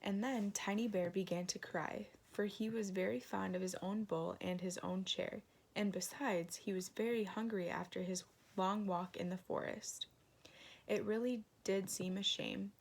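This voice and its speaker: A woman reading a fairy tale aloud in a gentle storytelling manner, adding moralizing asides. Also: mid-range voice, fairly even intonation, a little slow, vocal fry.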